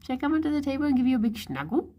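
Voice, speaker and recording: A woman talking baby talk to her dog, cooing questions in a high voice. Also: big pitch swings, racing, lo-fi sound.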